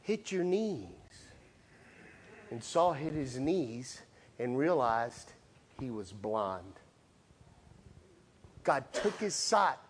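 A man preaching a sermon with animated storytelling, acting out the voices in the story. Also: mid-range voice, extremely slow, long pauses, slight background noise.

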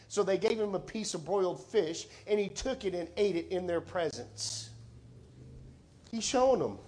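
Emphatic preacher swinging loud to soft. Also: male voice, high-pitched, expressive, moderate pace. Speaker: pastor. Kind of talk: sermon.

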